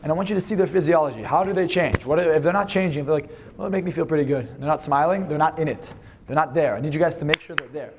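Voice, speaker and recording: A man leading a live seminar, energetic and fast, swearing freely as he instructs the room. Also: fairly high pitch, noisy background. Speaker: seminar speaker.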